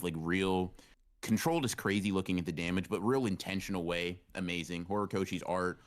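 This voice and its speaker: A man with a very deep voice co-hosting a casual podcast. He talks in an animated way, often says things twice and swears loosely. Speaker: podcast co-host. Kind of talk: casual chat.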